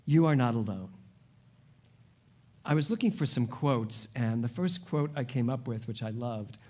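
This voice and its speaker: A man in his forties, a spiritual director, giving a sermon to a congregation with animated, humorous storytelling. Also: medium pitch, measured pace. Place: church service before a congregation.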